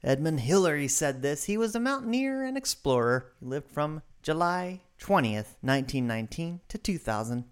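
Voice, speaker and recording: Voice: mid-range voice, sing-song, normal speed, hardly any pauses, smooth. A radio host reading short items in a scripted segment, with dry, wry asides between them.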